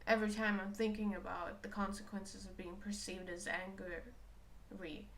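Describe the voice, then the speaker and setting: A woman's voice: mid-range voice, level tone, measured pace, slight background noise. A woman talking candidly and emotionally about her own feelings, questioning herself as she goes. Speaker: spiritual reader. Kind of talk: personal reflective talk.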